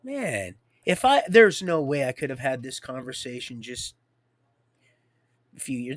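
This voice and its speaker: A man's voice: high-pitched, very animated, no room sound. Older man preaching in fits and starts. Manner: preachy, swings from hushed whispers to loud declarations; halting, many restarts. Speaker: livestream host. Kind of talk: rambling spiritual monologue.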